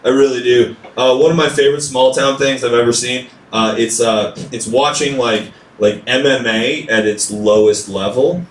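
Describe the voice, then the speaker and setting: A man's voice: mid-range voice, steady tone, normal speed, few pauses. Chatty man doing stand-up, roomy far sound. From small town. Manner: chatty, leans on "like", acts out quotes. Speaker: stand-up comedian. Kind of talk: stand-up routine. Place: comedy club stage. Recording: echoey club room heard from far off.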